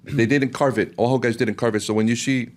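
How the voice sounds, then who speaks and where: A middle-aged man from Hawaii with a Hawaiian Pidgin accent, telling a story on a podcast in an animated way and dropping to a hush for the dramatic parts. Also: mid-range voice, fairly quick. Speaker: guest artist and historian. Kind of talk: storytelling in casual podcast talk.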